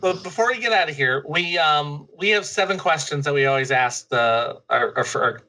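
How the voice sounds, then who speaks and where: A man hosting a podcast, asking a guest friendly quick-fire questions in casual chat. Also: fairly high pitch, bright, forceful tone, rough recording. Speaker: podcast host.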